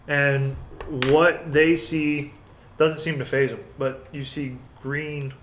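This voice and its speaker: A man narrating a tabletop game as game master, halting now and then with restarts. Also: on the high side, little pitch movement, heavy background noise.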